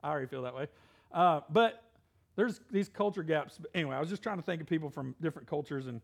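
A man's voice: on the high side, quick pace, creaky. A middle-aged male pastor giving a casual, conversational sermon with asides and Bible readings.

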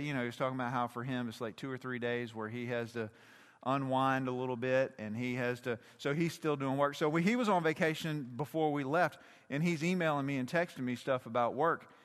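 A man's voice: mid-range voice, fairly bright tone, smooth. A man giving a casual midweek sermon as pastor, talking in a conversational, folksy way with storytelling asides. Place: church sanctuary. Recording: long hall reverb.

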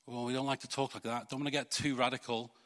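A man preaching a sermon as pastor, putting rhetorical questions to his congregation and swinging between loud urging and quiet earnestness. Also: mid-range voice, level tone, fast talker, long reverb tail.

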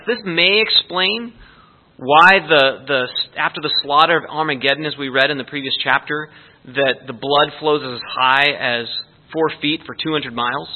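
A man's voice: on the high side, pushed and bright. A man giving an earnest, explanatory verse-by-verse sermon as a Bible teacher. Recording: tinny phone-like sound.

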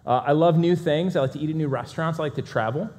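A man giving a talk to a live audience, energetic and fast-talking, with self-deprecating humor. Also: a little high. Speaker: speaker.

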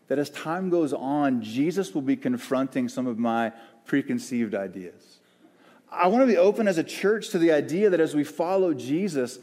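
A man preaching a sermon as the church's pastor, earnest and searching, with pauses and restarts. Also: fairly high pitch, darkish tone. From American South. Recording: long hall reverb.

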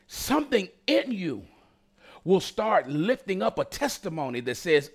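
A man's voice: high voice, sing-song, unhurried, creaky. A man preaching a sermon as pastor, addressing the congregation directly with rising intensity and call-and-response asides.

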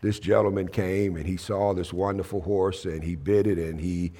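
A man's voice: sits low, fairly even intonation, mellow, long reverb tail. A man preaching a Pentecostal sermon in a church. He tells stories and draws out emphatic phrases, and he calls on the congregation to answer back. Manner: storytelling, drawn-out emphatic phrasing. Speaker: pastor. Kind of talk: Pentecostal sermon with call-and-response.

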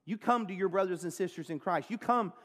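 A male pastor giving a sermon, earnest, slowing down and pausing to stress key phrases. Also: sits high, fairly bright tone. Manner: earnest preaching, pauses and slows down on key phrases. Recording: long reverb of a large hall.

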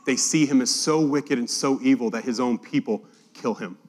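Animated preacher, man, in a reverberant hall. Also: medium pitch, moderate pace. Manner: animated, voices scripture quotes dramatically. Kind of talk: sermon, Bible teaching.

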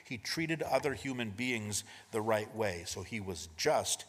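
A man preaching a sermon as pastor, in a conversational style with frequent rhetorical questions, moving between emphatic and hushed delivery. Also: fairly low pitch, lively intonation, measured pace, long reverb tail.

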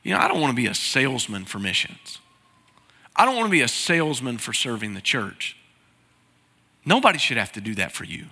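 A man's voice: mid-range voice, big pitch swings, fairly quick, long pauses, bright, forceful tone, breathy edge. A man preaching a sermon as pastor, earnest and pleading. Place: large church sanctuary. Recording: reverberant sanctuary sound.

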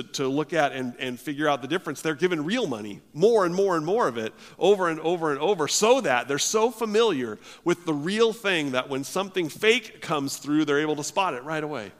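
A male pastor preaching a sermon, often restarting his words, his voice swelling loud and then dropping low. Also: long reverb tail. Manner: stammering restarts, swells and drops in volume.

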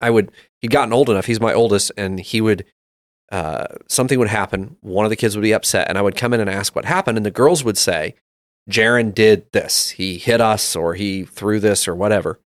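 Man, thirties, low pitch, reflective storyteller, dry sound. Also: brisk, dry recording. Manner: reflective storytelling, with frequent restarts. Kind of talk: casual conversation about faith.

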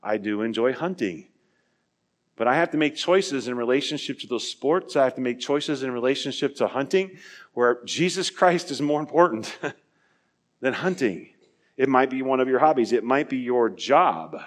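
A man preaching a sermon, earnest, asking his listeners questions and building to emphatic peaks before dropping quiet. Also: medium pitch, expressive, moderate pace. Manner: asks the listeners direct questions. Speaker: pastor.

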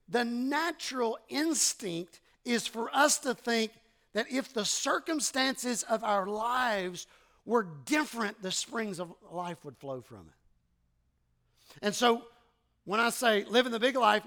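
A man's voice: sits high, sing-song, unhurried, bright, forceful tone. A man with a Southern US accent, a pastor preaching a sermon in a conversational, self-deprecating way, often restarting his words and quoting everyday exchanges. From American South.

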